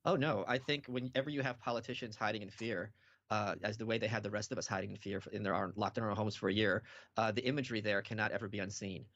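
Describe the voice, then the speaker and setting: A man's voice: fairly low pitch, steady tone, fast talker, a bit bright, no echo. A man answering as a debate guest, firm with some hesitant fillers. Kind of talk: conversational interview. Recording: dull dry lo-fi recording.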